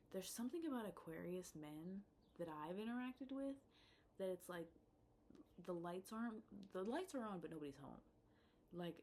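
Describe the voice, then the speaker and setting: A woman's voice: lowish voice, darkish tone, slight background noise. A young woman telling a storytime rant about dating in a casual vlog, blunt and profane, trailing off into mutters and then flaring into exasperated outbursts. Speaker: vlogger.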